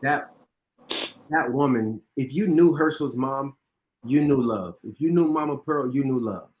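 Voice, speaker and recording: A man's voice: mid-range voice, a little slow, darkish tone, dull audio. A man in his thirties, a podcast co-host, talking in an emphatic way and repeating phrases for stress. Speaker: podcast co-host, former teammate. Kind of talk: casual chat.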